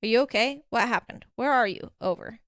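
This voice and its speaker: A woman voicing a middle-aged man who mimics an excited teenage boy, firing off rapid questions. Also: on the high side, no room sound, studio quality, lightly acted.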